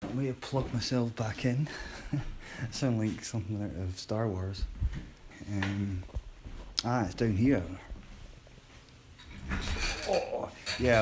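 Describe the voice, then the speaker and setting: Deep-voiced man chatting quietly. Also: noisy background. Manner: rambling, chatty, self-deprecating; talking quietly. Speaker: livestreamer on a work break. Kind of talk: casual live-stream chat to viewers.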